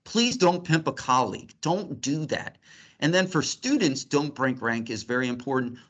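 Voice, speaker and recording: A man's voice: mid-range voice, moderate pace. Middle-aged male doctor, teaching tone, keeps it light and funny. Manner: lively, joking teaching tone. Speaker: physician lecturer. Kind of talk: grand rounds lecture.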